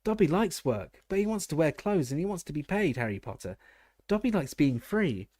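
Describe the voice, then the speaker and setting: A man voicing an excitable male house elf who squeaks and calls himself by name in a storybook reading. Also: normal speed, no room sound, clean studio sound. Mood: eager. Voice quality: squeaky, shrill. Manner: speaks of himself in third person, keeps saying sir.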